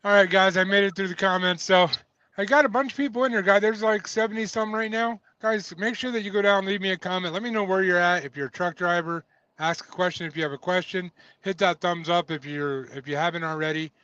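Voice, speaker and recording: A man's voice: high-pitched, steady tone, brisk, sharp tone, smooth, dry recording. A man hosting a casual livestream, chatty, reading viewer comments and laughing often. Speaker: host of a trucking livestream. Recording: dull lo-fi dry audio.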